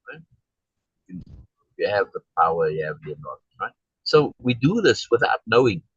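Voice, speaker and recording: Rambling man with a husky voice. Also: mid-range voice, a bit bright, dry recording, dull audio. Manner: rambling, with many restarts and tag questions like "right?"; acts out quoted exchanges in a raised voice. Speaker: discussion group leader. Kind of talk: casual storytelling in a group discussion.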